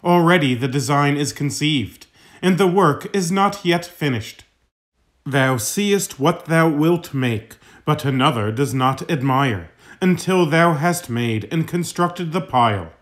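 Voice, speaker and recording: Slow, solemn male sermon reader. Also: on the high side, animated. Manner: measured, solemn reading. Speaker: reader of a saint's homily. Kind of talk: slow scripted narration of a sermon.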